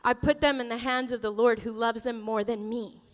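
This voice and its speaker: A woman pastor preaching a sermon in a church, emotional and animated, laughing often as she tells stories. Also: on the high side, moderate pace, long reverb tail. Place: church sanctuary.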